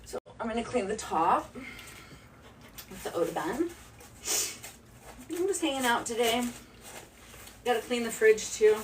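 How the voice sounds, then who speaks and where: A woman's voice: fairly high pitch, animated, measured pace, pauses often. Chatty woman rambling to a distant phone. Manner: chatty, rambling, talks to herself. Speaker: live streamer. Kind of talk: casual live-stream chatter while cleaning. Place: home kitchen, indoors. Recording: distant phone mic with faint background noise. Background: faint nature sounds.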